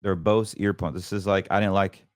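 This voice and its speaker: A middle-aged man hosting a show, telling an earnest personal testimony in a casual, preaching way that grows quiet and emotional. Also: fairly even intonation, normal speed, dry recording, studio quality. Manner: earnest and preachy, voice drops low when emotional. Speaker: podcast host.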